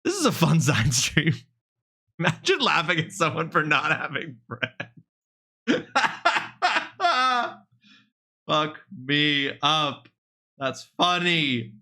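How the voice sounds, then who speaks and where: A fairly high, bright and forceful male voice, talking casually to a live stream chat on a desk mic. He jumps between playful outrage and quick banter, cursing often and addressing viewers directly. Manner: animated, mock-indignant, swears freely, talks straight to chat.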